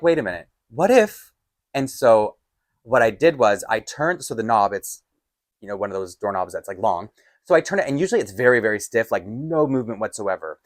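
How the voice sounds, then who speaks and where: Animated man telling an exasperated story. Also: mid-range voice, no room sound. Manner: animated, exasperated storytelling with sudden loud outbursts. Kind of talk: casual storytime vlog.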